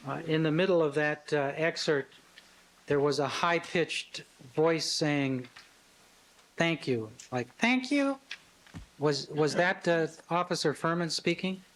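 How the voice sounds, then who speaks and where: Halting male courtroom questioner. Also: fairly high pitch, a bit bright, poor audio. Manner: measured, halting with fillers. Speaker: trial attorney.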